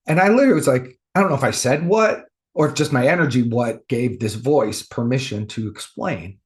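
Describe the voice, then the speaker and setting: A man sharing a personal spiritual testimony as a spiritual teacher, emotional and swinging between loud bursts and hushed lows. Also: brisk, hardly any pauses.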